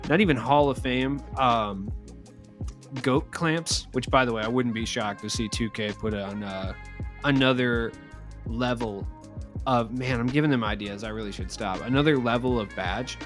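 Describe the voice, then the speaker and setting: A man's voice: medium pitch, normal speed, fairly bright tone, faint music behind. A young man giving casual, rambling commentary over a video game, joking and trailing off into asides. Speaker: gaming YouTuber.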